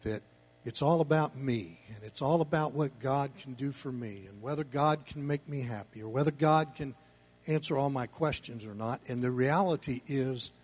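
A male pastor speaks to his church in a sermon, earnest and pressing his points home. His voice is husky, at a middle pitch. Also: normal speed. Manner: earnest preaching, building emphasis.

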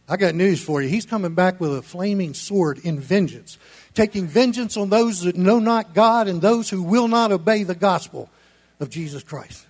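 A high-voiced man preaching a sermon as a pastor. He talks bluntly and folksily, dropping into low murmurs and then climbing back up to loud, pressing exhortation. The tone is plain and direct. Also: lively intonation, normal speed. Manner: preaching, voice rising and falling sharply between shouts and low murmurs; blunt, folksy delivery with casual contractions.

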